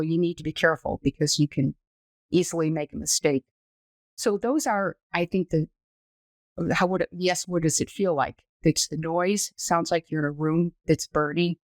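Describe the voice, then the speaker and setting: A woman in her sixties, a former astronaut guest on a podcast, telling her story in a detailed, measured, explanatory way. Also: low voice, no echo. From United States. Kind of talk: conversational storytelling interview.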